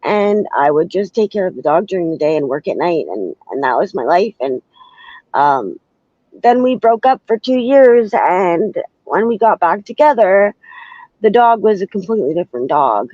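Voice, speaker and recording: A woman in her thirties, a guest in an interview, recounting her past in a halting, searching way. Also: fairly low pitch, very animated, mellow, no room sound. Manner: hesitant, halting, searching for words. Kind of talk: personal storytelling in an interview. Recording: slightly dull, dry sound.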